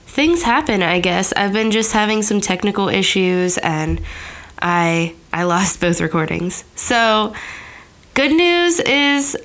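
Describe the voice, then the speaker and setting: A woman's voice: medium pitch, lively intonation, takes it slowly, a bit bright. Nasal-voiced woman hosting a chatty podcast. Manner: chatty, friendly and candid. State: nasal from a cold. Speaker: podcast host. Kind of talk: casual podcast chat.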